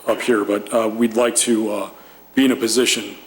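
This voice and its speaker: A man with a raspy, worn voice that is going hoarse addresses a village planning commission. He speaks in a level, unvaried tone with plenty of "uh" and "um". Faint hum sits behind him. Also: fairly low pitch, normal speed. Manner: steady, with frequent "uh" and "um". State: losing his voice. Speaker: petitioner presenting a development. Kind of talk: formal public presentation. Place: municipal meeting chamber.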